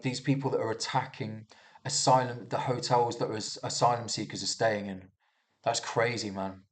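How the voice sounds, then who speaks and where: A young man casually rambling through commentary on news headlines, swearing and restarting often. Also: mid-range voice. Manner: restarts a lot, swears, muses aloud. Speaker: vlogger reviewing news.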